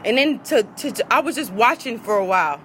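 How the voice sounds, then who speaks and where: A woman's voice: on the high side, animated, fairly quick, fairly bright tone, slight background noise, poor audio. A woman, a vlogger in an angry rant to her viewers, heated, profane and repeating herself.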